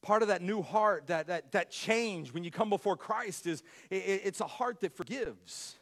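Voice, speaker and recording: A man preaching a sermon as pastor, emphatic, repeating his words and swinging between loud and quiet. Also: sits high, normal speed.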